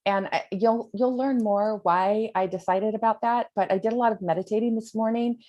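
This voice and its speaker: A woman's voice: medium pitch, fairly even intonation, moderate pace, dark tone, highs cut off. An American woman, a spiritual coach, speaking earnestly and rambling with fillers on a video call. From United States.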